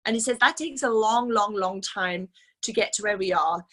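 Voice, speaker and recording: In a casual training talk, a woman leading her team speaks at a moderate pace in a mid-range voice with a sharp tone. She's enthusiastic and chatty, filling her speech with fillers.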